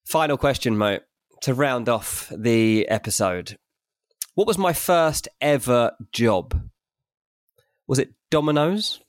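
A man's voice: medium pitch, expressive, slow pace, no room sound, clean studio sound. A young British man co-hosting a podcast, telling self-mocking stories in a chatty, matey way. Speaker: podcast co-host. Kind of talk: casual chat.

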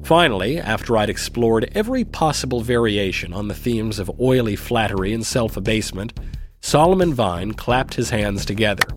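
A man giving scripted first-person dramatic narration in a measured, sardonic and self-mocking way. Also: lowish voice, expressive, faint music behind. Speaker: narrator and reader.

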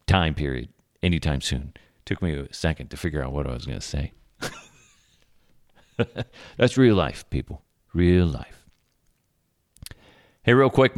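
A man's voice: low voice, no room sound, studio quality. A man in his thirties hosting a podcast, telling rambling stories about his kids in a casual chat. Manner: rambling, animated storytelling with laughs. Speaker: podcast host.

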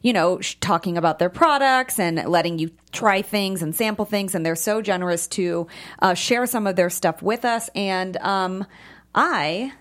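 A woman's voice: mid-range voice, normal speed. A young woman co-hosting a talk show, chatting casually and loading her talk with "like" and fillers. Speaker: podcast co-host. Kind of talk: casual chat.

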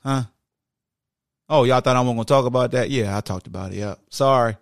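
A gravelly, middle-aged man delivers a fired-up solo podcast rant. He talks straight at his listeners, preachy and animated. The sound is dry and close. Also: medium pitch, fairly quick, no room sound. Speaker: podcast host. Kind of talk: casual sports podcast monologue.

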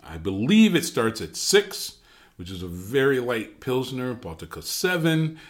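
A man telling a long story in casual chat, animated, with frequent fillers and restarts. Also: mid-range voice, a little slow. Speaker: podcast storyteller.

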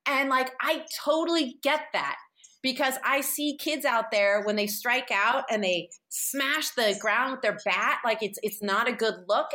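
A woman in her forties from San Francisco with a slightly high voice tells a personal story as a podcast guest. She rambles openly, full of fillers and restarts, and her voice gets emotional at points. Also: sharp tone. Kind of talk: candid conversational storytelling.

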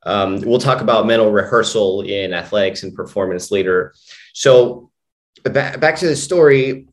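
A man's voice: on the low side, moderate pace. A man, a hypnotist and mind coach, telling a long story as a guest in a casual interview, rambling with lots of "you know" and "like". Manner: rambling, full of "you know" and "like", frequent restarts.

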